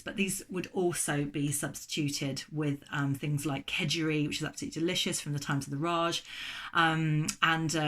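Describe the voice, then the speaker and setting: A woman's voice: sits low, fairly bright tone. A middle-aged English woman with an English accent, chatting casually and enthusiastically as a food vlogger, with plenty of ums along the way. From England. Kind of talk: casual chat.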